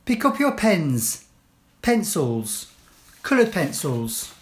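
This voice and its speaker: Slow, lilting woman reading classroom phrases. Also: lowish voice, big pitch swings. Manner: clear, deliberate phrase-by-phrase delivery. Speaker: language teacher. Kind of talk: slow read-aloud list of classroom phrases.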